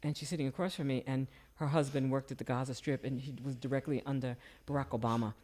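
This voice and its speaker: An older woman telling personal stories in casual conversation, her voice jumping up whenever she quotes someone. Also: quick pace. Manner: animated, jumps high when quoting people. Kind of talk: casual storytelling.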